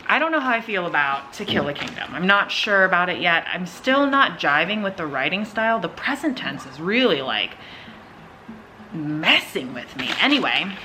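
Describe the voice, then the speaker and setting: A young woman chatting excitedly in a casual reading vlog from home. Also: lowish voice, background noise. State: out of breath. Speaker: vlogger.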